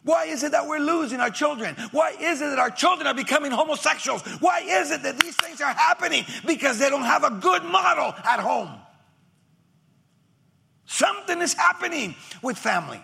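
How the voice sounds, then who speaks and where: A male pastor preaching a sermon emphatically, swinging from shouts to near whispers and acting out members of the congregation. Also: extremely high pitch, animated, normal speed, gravelly.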